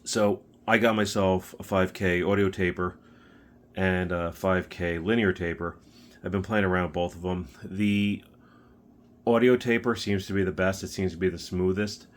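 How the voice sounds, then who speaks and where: Low-voiced man casually demoing a guitar pedal. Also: moderate pace. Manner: relaxed, rambling, with fillers and restarts. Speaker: pedal builder demoing his pedal. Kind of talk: casual demo talk.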